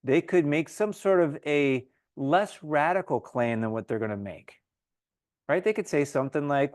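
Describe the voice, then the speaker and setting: A man's voice: on the high side, animated, normal speed, darkish tone, no echo. A man leading a Bible study in an easy, talky style. He slips into the voices of the people he quotes. The recording is dry and close, with little room sound. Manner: informal, acts out crowd voices in quotes. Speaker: Bible teacher. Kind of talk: conversational Bible study teaching.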